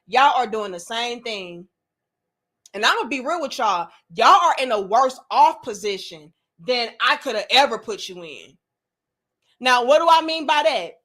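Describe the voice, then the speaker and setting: Woman host, high voice, outspoken and profane, monologue style. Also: expressive, unhurried, fairly bright tone. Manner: blunt and profane, slips into mocking quoted voices. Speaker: commentary channel host. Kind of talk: opinionated monologue to camera.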